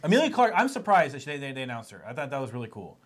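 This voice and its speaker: A man rambles through a casual pop-culture podcast chat, tripping over his words and circling back to his point. His voice sits at an ordinary middle pitch. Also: sing-song, rapid-fire. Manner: rambling, restarts often, laughs at his own jokes. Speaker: podcast co-host.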